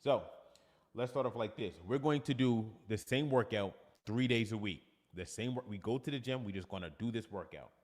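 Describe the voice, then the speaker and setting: Low-voiced New York fitness coach, roomy. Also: male voice, moderate pace. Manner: energetic, reads viewer comments aloud. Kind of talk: casual livestream chat.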